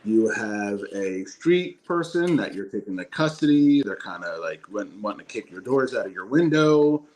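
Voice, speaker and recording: A man's voice: lowish voice, lively intonation, normal speed, few pauses, a little mellow. A man who is a guest on a casual podcast, telling a police training story in a matter-of-fact way. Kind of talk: casual chat.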